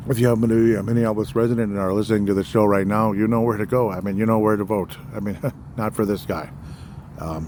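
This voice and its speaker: Low-voiced man rambling on his podcast. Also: noisy background. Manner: rambling, loose, with frequent fillers and apologies. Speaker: podcast host. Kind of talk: casual political podcast monologue.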